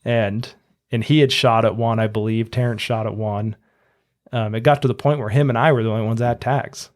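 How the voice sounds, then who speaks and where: A man's voice: medium pitch, fairly even intonation, brisk. A man hosting a podcast, telling a long story casually and acting out what others said. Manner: chatty, acts out quotes in a raised voice. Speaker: podcast host.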